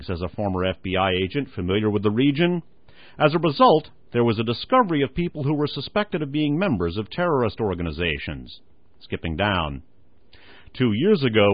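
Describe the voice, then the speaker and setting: A man's voice: mid-range voice, no room sound. A man hosting a radio program, reading newspaper articles aloud and commenting on them. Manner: reads quotes then comments, says "skipping down". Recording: dull lo-fi radio recording.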